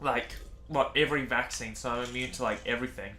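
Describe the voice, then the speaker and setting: A young Australian man chatting casually on a livestream with deadpan, sarcastic jokes. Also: medium pitch, fast. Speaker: livestream co-host. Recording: echoey room, faint noise.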